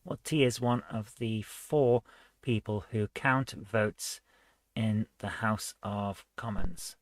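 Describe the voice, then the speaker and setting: A man's voice: lowish voice, takes it slowly, dry recording, studio quality. A man hosting a retro gaming channel, reading quiz questions aloud and chatting casually as he guesses the answers. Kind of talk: casual let's-play commentary.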